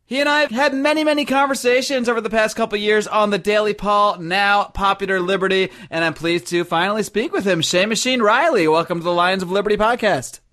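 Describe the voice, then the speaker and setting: In a high, bright, forceful voice, a male podcast host briskly reads sponsor spots with upbeat emphasis and few pauses before starting his interview with a guest.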